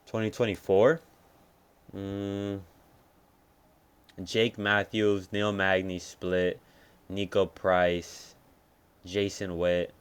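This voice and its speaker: A young man talks through upcoming fights in a loose, unscripted breakdown. His voice sits fairly low, and he swears freely. He thinks aloud and second-guesses his picks as he goes. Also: level tone, very slow, pauses often, smooth. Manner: rambling, profane, thinks aloud and changes picks. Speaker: MMA fight picks commentator. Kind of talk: casual fight-prediction breakdown.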